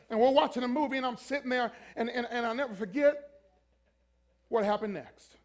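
High-voiced animated male preacher. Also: a little fast. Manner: animated, acts out voices and screams, repeats "and" in bursts. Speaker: pastor. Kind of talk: comic sermon storytelling. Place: church before a congregation.

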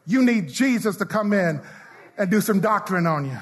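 High, lively shouting preacher man. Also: moderate pace. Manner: preaching with call-and-response, half-singing and shouting. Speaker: pastor. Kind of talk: sermon.

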